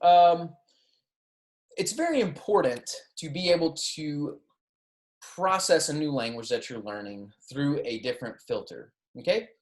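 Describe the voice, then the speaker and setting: Modeling pronunciation slowly and patiently, a male Spanish instructor corrects himself as he lectures on a recording. His voice sits on the high side with lively intonation, and it sounds reverberant.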